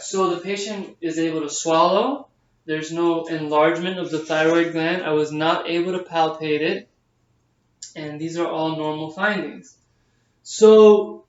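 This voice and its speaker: A man, a nursing student, talking through a head-to-toe physical exam step by step, with frequent fillers. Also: on the high side. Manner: explains each step aloud, with frequent fillers. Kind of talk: narrated physical exam demonstration. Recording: distant, echoey, dull camera audio.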